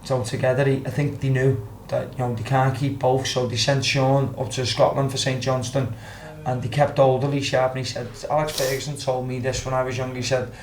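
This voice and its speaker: A man's voice: mid-range voice, flat delivery, brisk, few pauses, a little hiss or hum. Scouse man telling football stories. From Liverpool, England. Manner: swears freely, acts out quotes. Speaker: podcast guest, former footballer. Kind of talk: casual storytelling. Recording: roomy with faint background ambience.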